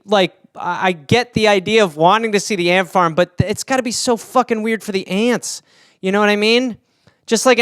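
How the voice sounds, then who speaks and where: A man's voice: fairly bright tone, clear, resonant tone, no echo, clean studio sound. A man from Wisconsin hosting a podcast alone, riffing jokily on listener topics and slipping into silly character voices. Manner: rambling, jokey, slips into silly high-pitched character voices. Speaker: podcast host.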